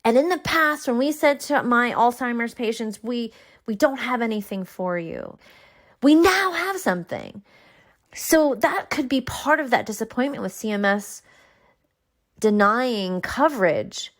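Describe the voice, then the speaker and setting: A woman's voice: fairly high pitch, animated, unhurried. A woman in her forties, a neurologist being interviewed, speaking in an earnest, heartfelt way. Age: 40s. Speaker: neurologist guest. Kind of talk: interview conversation.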